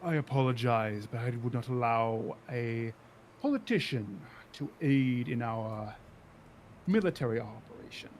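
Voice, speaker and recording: A man's voice: mid-range voice, unhurried, a little mellow, slight background noise, close to an everyday voice. A proud, armored military commander , voiced by a man in a tabletop game. He speaks in a stiff, curt way and scorns anyone without battle experience. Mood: formal.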